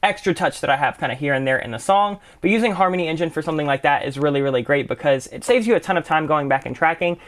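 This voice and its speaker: A young man explaining music production software in a relaxed, chatty tutorial, full of casual fillers. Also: fairly high pitch, fast, hardly any pauses. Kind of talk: casual screen-share tutorial.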